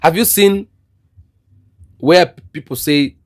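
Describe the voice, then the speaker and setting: A man's voice: fairly high pitch, expressive, normal speed, darkish tone. A man giving impassioned commentary on the state of his continent, repeating himself and building to fervent, preachy outbursts. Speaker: political commentator.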